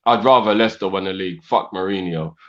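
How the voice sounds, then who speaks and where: A man's voice: low voice, fast talker. A man co-hosting a fan show, talking in a laid-back, slangy way. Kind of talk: casual football banter. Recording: dull sound.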